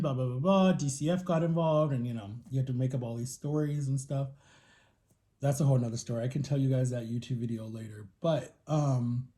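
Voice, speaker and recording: A man in his thirties talks straight to his viewers in a loose, rambling vlog, jumping from one story to the next. His voice sits a little high for a man and has a warm, mellow tone. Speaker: vlogger. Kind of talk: casual chat to camera while eating.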